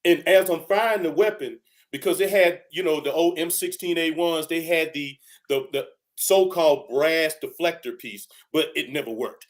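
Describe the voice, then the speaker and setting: A man's voice: on the high side, normal speed, few pauses. An older man, a retired army first sergeant, telling stories from basic training in a loose, conversational way on a video call. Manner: lively, animated, acts out the people in his stories. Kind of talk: casual storytelling.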